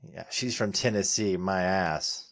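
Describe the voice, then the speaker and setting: A man's voice: sits low, measured pace, a bit bright. A man co-hosting a comedy podcast, trading wry, offhand banter. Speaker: podcast co-host. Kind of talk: comedic casual chat.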